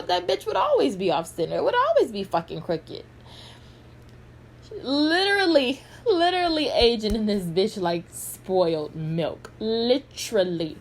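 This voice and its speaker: A woman's voice: on the high side, a little mellow, husky. A woman giving blunt, sassy, heavily profane commentary in a vlog. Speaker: pop culture commentator.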